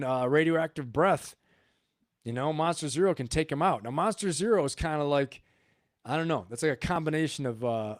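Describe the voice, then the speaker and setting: A man's voice: on the high side, dry recording, clean studio sound. A man hosting a live show, talking casually and rambling with frequent laughs. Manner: animated, rambling, laughs often. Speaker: livestream host.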